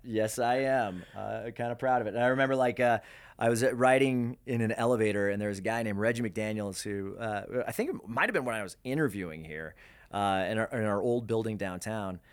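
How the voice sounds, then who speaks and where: Man, radio DJ, deep-ish voice, loose rambling storyteller, casual talk. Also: fairly quick, clear, resonant tone. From Denver, USA. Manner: rambling, lots of fillers and laughs. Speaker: radio DJ and program director, guest.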